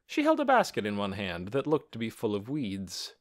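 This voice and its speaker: A man reading a children's storybook aloud in an expressive, animated way. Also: on the low side, normal speed. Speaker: audiobook narrator. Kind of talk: scripted storybook narration.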